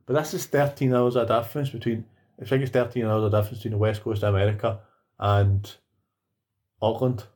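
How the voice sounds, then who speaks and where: A man's voice: on the low side, flat delivery, a little fast, a little mellow. Scottish man, podcast co-host, casual chat, blunt, swearing, ranting. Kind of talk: casual chat about combat sports.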